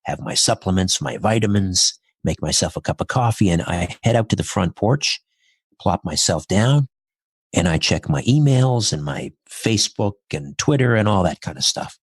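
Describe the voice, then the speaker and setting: A man's voice: sits low, expressive, moderate pace, vocal fry, breathy edge, dry recording, studio quality. A middle-aged man, a podcast guest, telling a personal story in an earnest, reflective way, step by step.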